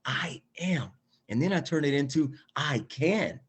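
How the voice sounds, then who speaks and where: A man giving an energetic, emphatic motivational talk as a guest, repeating phrases for effect. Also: a little high, moderate pace, slightly rough. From Mexican heritage.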